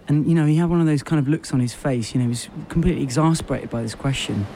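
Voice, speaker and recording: A man at a middle pitch tells a surreal story in a rambling, deadpan way, looping back over phrases and leaning on fillers. A faint hiss sits under the voice. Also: quick pace, hardly any pauses. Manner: rambling, repetitive, full of fillers. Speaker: radio show host. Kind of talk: absurd deadpan storytelling monologue.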